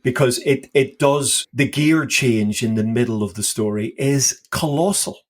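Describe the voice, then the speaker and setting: A man co-hosting a podcast, talking through Bible passages with lively enthusiasm and emphatic, acted-out quotes. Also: mid-range voice, unhurried. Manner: enthusiastic, emphatic, acts out scripture dialogue. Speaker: podcast co-host. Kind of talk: casual Bible discussion.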